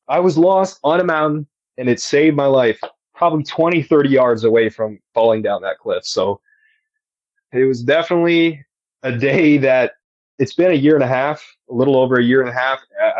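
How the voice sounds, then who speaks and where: A man's voice: mid-range voice, a little mellow, no room sound, muffled recording. A man telling, earnestly and with emphasis, about a personal encounter as a guest on a podcast. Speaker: eyewitness guest.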